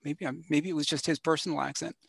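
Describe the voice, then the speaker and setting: High, dry-voiced man, rambling and chatty, teasing friends on a video call. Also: level tone, fast, vocal fry, fairly bright tone, slightly rough, dry recording. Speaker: gardening group member. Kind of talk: casual video-call chat.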